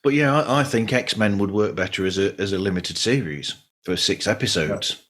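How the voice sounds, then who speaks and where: Low-voiced podcast host. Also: male voice, normal speed. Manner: relaxed, rambling with restarts. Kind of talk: casual podcast chat.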